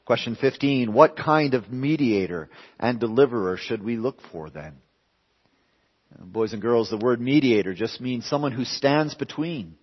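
A man pastor preaching a sermon with emphatic swings between raised and hushed lines. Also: medium pitch, animated, a little slow, husky. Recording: reverberant hall, dull lo-fi sound.

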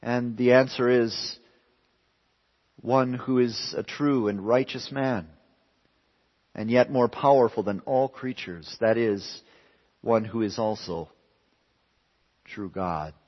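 A man preaches in a church, moving from raised, pressing lines to hushed ones. His voice sits mid-pitch for a man. The recording carries a long hall reverb and a dull, lo-fi sound. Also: slow, pauses often. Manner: emphatic preaching, swinging between raised and hushed. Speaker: pastor. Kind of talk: sermon.

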